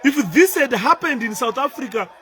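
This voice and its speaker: A man's voice: very high-pitched, animated, normal speed, bright, forceful tone, slight background noise. A man giving emotional commentary over video clips, repeating himself with great emphasis. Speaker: political commentator.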